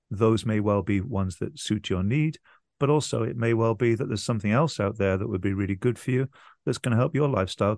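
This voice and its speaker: A man's voice: on the low side, darkish tone, no echo, clean studio sound. A man who founded a company, answering radio interview questions hesitantly, with many ums and restarts.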